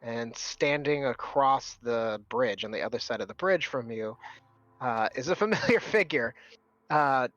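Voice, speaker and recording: A male game master narrating a tabletop game scene. He talks in a relaxed, hedging way, full of fillers, at a middling pitch. The recording sounds dull and lo-fi. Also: measured pace, dry recording.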